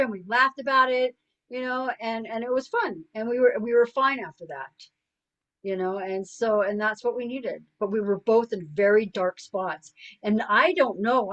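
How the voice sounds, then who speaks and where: Heard over lo-fi sound, this woman's voice is a little high and somewhat bright. As a guest suicide prevention coach in middle age, she recounts her own experiences in an earnest, chatty manner, with "you know" cropping up constantly.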